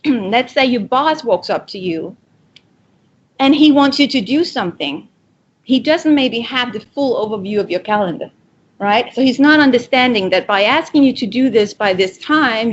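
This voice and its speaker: Woman presenter, slightly high voice, direct coaching delivery, dull lo-fi webinar audio. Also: a little hiss or hum. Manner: direct, coaching, acts out quoted dialogue. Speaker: speaker giving a webinar talk. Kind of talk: motivational presentation.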